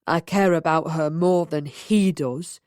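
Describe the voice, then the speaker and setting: Woman narrator voices a slurring drunk young man in an audiobook, lowered and languid. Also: steady tone, measured pace, darkish tone, no room sound, clean studio sound. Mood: drunk, maudlin.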